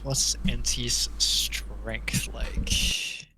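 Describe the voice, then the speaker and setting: A man's voice: mid-range voice, fairly even intonation, drawn-out words, very noisy. A man playing in a casual tabletop game, checking the rules and swearing now and then. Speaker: player.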